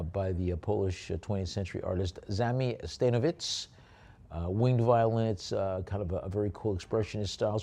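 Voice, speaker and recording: A man's voice: on the low side, warm tone. A man working as an auctioneer, calling bids and describing artwork lots, with chatty, jokey asides between calls. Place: auction room.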